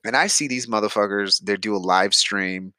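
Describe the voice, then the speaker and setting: A man's voice: lowish voice, moderate pace, clear, resonant tone, no echo, clean studio sound. A middle-aged man, a podcast co-host telling stories in casual banter, swearing freely and acting out the lines he quotes. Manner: animated storyteller, swears freely, acts out quotes.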